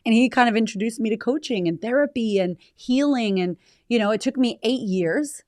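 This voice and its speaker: A woman in her thirties, talking frankly and reflectively as an interview guest, with quick bursts and casual swearing. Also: a little high, darkish tone, dry recording, clean studio sound. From United States. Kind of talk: candid conversational interview.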